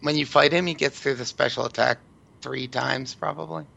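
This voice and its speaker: Male panelist, heavy vocal fry, dry wit. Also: mid-range voice, fairly even intonation, moderate pace, pushed and bright, lo-fi sound. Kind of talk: casual group chat.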